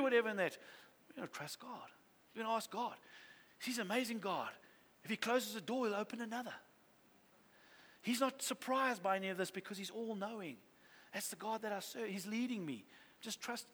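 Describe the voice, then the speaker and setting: A pastor speaks briskly in a high, slightly bright voice, leaving long pauses as his earnest sermon climbs to fervent exhortation. His congregation hears him in a church hall with long reverb.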